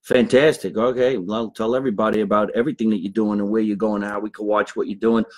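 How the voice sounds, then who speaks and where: A man's voice: on the low side, steady tone, fast. A man hosting a podcast from a basement, chatting and joking with a guest. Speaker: podcast host. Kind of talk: casual chat. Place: basement in New Jersey.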